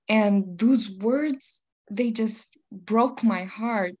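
A woman's voice: mid-range voice, drawn-out words, a little mellow, husky. Young woman, earnest founder's testimony, impassioned delivery, video call. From Afghanistan. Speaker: youth community founder. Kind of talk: personal testimony at an online panel.

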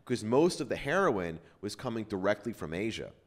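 A man's voice: lowish voice, very animated, normal speed. A man hosting a podcast, telling a story in loose casual chat with lots of fillers and swearing. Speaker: podcast host.

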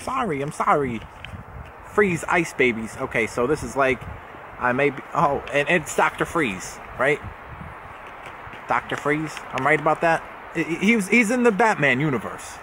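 Young male vlogger, casual unboxing chat, rambling and jokey, slightly high pitch. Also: expressive, normal speed, noisy background. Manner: rambling, jokey, self-correcting.

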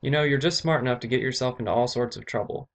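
Stern commanding earl, loud and firm, read by a male narrator. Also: medium pitch, fast, natural voice.

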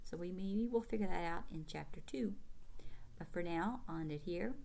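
A woman's voice: lowish voice, normal speed, gravelly, mellow. A woman reading a children's novel aloud with commentary, asking her young listeners questions like a teacher.

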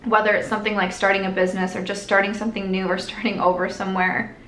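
A woman's voice: mid-range voice, flat delivery, quick pace, fairly bright tone, slight background noise. A young woman chatting while she does her makeup in a get-ready-with-me vlog, rambling and earnest, with lots of "like" and restarts. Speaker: beauty vlogger. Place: at home doing makeup. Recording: echoey room.

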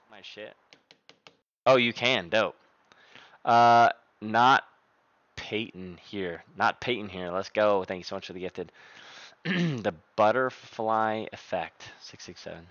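A man's voice: lowish voice, expressive, slow, pauses often, fairly bright tone, dull audio. A young man live-streaming from his desk at home, chatting casually and profanely into a desk microphone and rattling off thanks to viewers by name.

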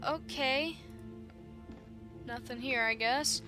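A woman's voice: high-pitched, takes it slowly, over music. A young woman giving casual, chatty commentary while playing a horror game, with laughing asides. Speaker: gamer. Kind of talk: casual let's-play commentary.

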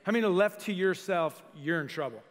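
A male senior pastor preaching a lively sermon to a congregation, acting out quoted voices and putting questions to the crowd. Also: high voice, fairly quick. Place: church sanctuary. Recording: live sermon in a reverberant church hall.

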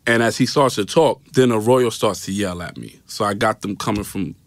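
A low-voiced New York man, a guest being interviewed in a podcast studio, tells his personal story at normal speed, acting out quoted voices and repeating "right?". It is recorded on a studio mic with no room sound.

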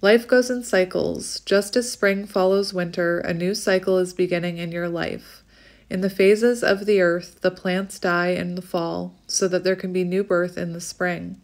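A woman doing a casual oracle card reading, gushing softly over cards and reading their text aloud. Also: on the low side, steady tone, unhurried. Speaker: tarot reader.

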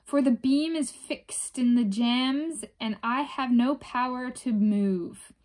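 A woman voicing a barred wooden door that firmly refuses to move, speaking slowly. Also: sits high, darkish tone. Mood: refusing. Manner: firm refusal.

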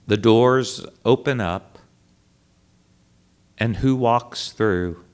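A man, a priest, telling a story to a live audience in a dramatic, animated way, dropping to a hush and then rising loud. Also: fairly low pitch. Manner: dramatic, animated storyteller who swings between hushed and loud. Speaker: priest giving a talk.

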